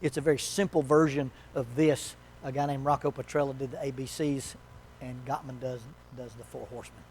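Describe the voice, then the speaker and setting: A man presenting a marriage workshop in a church, teaching in a conversational, folksy way with joking asides and quick acted quotes. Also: mid-range voice, fairly even intonation, a little mellow, slight background noise.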